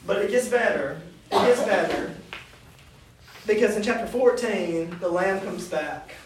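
A man's voice: high voice, a little mellow. A man teaching a youth Bible study in a casual, conversational way, often asking the class questions. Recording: echoey room, distant mic, faint noise.

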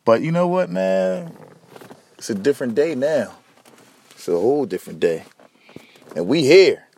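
A man's voice: medium pitch, lively intonation, unhurried, creaky, darkish tone, husky. A man hosting a solo podcast, ranting bluntly and profanely while talking straight to his listeners. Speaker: podcast host.

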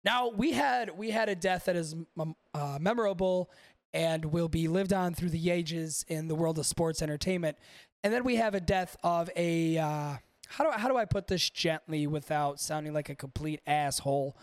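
A man's voice: a little high, normal speed, no room sound, clean studio sound. A man hosting a podcast in casual, rambling chat, swearing freely and talking to his live chat. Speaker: podcast host.

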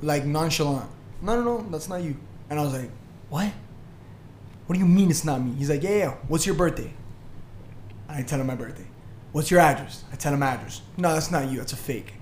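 A man's voice: on the high side, a little fast, long pauses, slight background noise. Young man telling a story, echoey. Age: young adult. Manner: animated, swearing, acts out bouncers. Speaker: podcast co-host. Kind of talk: casual storytelling chat.

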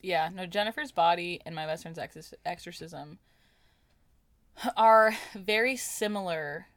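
A young woman co-hosting a podcast, talking books in a lively, jokey way. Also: on the low side, measured pace, no room sound. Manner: lively, jokey, animated book talk. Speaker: podcast co-host. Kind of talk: casual chat.

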